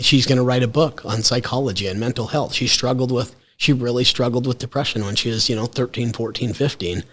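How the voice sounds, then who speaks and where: Middle-aged male guest, high-energy storyteller, mid-pitched. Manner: animated, fast, bursts of loud excitement. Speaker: podcast guest.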